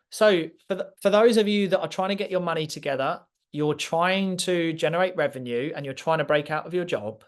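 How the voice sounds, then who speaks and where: Emphatic man giving a pep talk. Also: high-pitched. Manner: emphatic, repeats points for effect. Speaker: speaker. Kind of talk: motivational masterclass talk.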